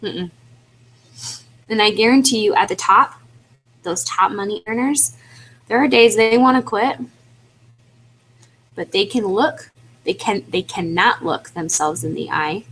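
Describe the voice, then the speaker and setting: A woman's voice: mid-range voice, unhurried, pauses often, fairly bright tone, slightly rough, poor audio. A woman leading a motivational webinar, talking earnestly and pleading with her team, casual with fillers. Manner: earnest, pleading, repetitive exhortation. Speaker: team leader for independent distributors.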